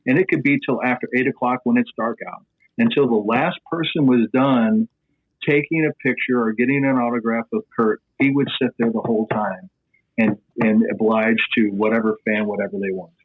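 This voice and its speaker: Husky-voiced man telling a sports story. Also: medium pitch, moderate pace. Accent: Midwestern American. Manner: animated anecdote-telling with filler "blah, blah". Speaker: sports broadcaster guest. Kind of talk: podcast storytelling. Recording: tinny phone-like line.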